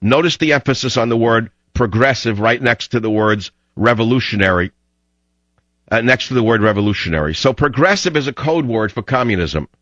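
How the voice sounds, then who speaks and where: Fiery ranting talk radio host. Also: male voice, medium pitch, expressive, fairly quick, a bit bright, no echo. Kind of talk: radio monologue. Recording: dull lo-fi radio audio.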